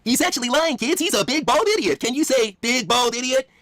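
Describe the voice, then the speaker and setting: A man voicing a cheery high-voiced giant bird who talks to children in a singsong way. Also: animated, fairly quick, sharp tone, no echo, heavily acted. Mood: mocking.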